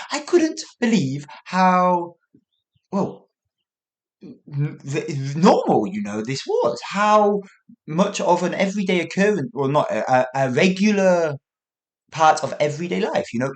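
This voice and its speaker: Animated man telling a story. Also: fairly high pitch. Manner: animated, acts out sounds with noises, corrects himself mid-sentence. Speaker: English teacher podcast host. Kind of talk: casual storytelling monologue for learners.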